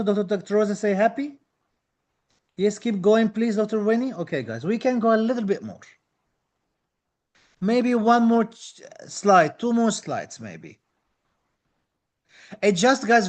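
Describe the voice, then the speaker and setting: A high-pitched man teaches a live online class for a dental exam, speaking with eager enthusiasm. He reads out viewer comments and repeats key phrases to encourage his students.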